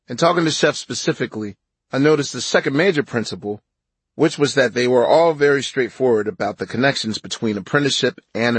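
A man narrating his own nonfiction audiobook in a measured, reflective way. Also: medium pitch, fairly bright tone, breathy edge, dry recording.

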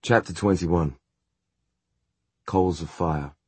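A man reading a chapter heading and poem in slow, solemn recitation. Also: low voice, a little mellow, husky, dry recording. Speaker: reader.

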